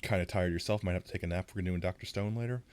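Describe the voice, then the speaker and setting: Low-voiced man streaming with a sore throat. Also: fairly even intonation, racing. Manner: rambling, self-deprecating, reacts loudly. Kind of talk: casual live-stream chat while gaming. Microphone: close-up streaming mic.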